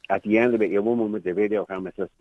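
A man's voice: lowish voice, fairly even intonation, racing, no echo. An Irish man in his sixties calling a radio show, rambling through a long story and acting out the voices of the people in it. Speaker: caller. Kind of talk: phone-in storytelling. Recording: muffled phone line.

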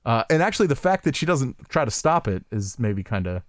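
A man co-hosting a podcast in casual chat, animated and laughing often, with many restarts. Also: mid-range voice, fairly quick, no echo, studio quality. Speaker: podcast co-host.

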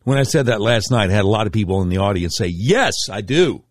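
Racing through a political commentary monologue, a middle-aged male radio talk show host tells his stories emphatically and indignantly, his pitch swinging sharply. The studio sound is clean, with no echo.

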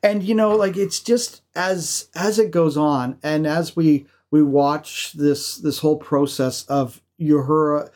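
An animated male podcast co-host who tells stories with frequent laughs. He restarts his sentences and chats casually. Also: fairly high pitch, takes it slowly, hardly any pauses. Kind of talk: casual chat.

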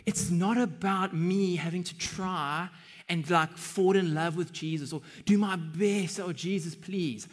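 Brief: earnest male preacher, husky and fairly high voice, long hall reverb. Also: fairly even intonation, a little slow. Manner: earnest, building to emphatic bursts. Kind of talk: sermon.

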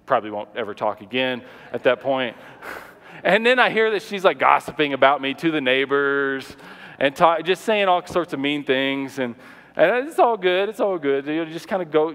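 A man preaching a sermon, telling a personal story in an animated way, often repeating words and acting out what people said. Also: mid-range voice, long reverb tail. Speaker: pastor.

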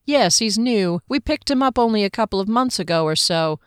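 A woman's voice: medium pitch, lively intonation, a little fast, clean tone, dry recording, clean studio sound, pitched above the performer's own voice, natural voice. A woman voicing a blunt, casual-talking male soldier with slangy, wry speech.

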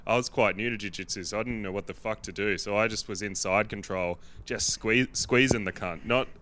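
A man's voice: lowish voice, fairly quick, very noisy. A young Australian man in his twenties, swearing and laughing as he tells a story in casual podcast chat. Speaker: podcast guest.

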